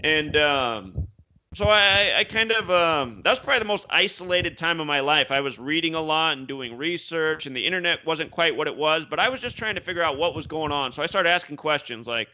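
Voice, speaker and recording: Intense bright-voiced man explaining numbers. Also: a little high, a little fast. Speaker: guest. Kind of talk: conversational interview talk.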